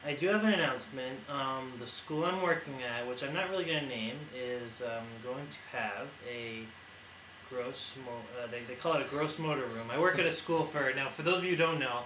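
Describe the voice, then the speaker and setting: A man's voice: medium pitch, brisk, pushed and bright. A young man co-hosting a casual sports chat, rambling and laughing as he ad-libs jokes. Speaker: co-host. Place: indoor room. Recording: echoey room with noise.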